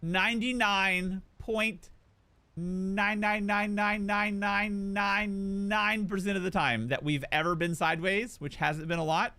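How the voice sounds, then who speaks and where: On a game livestream, a young man chats casually and tells stories, acting out voices and cracking playful jokes. His voice is high and his pace a little slow.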